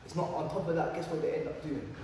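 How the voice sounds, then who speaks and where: A young man with a London accent telling a youth audience an animated story full of slang and sound effects. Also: a little high, fast talker. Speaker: motivational speaker at youth event. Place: large hall at youth event. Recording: echoey hall, distant mic, background noise.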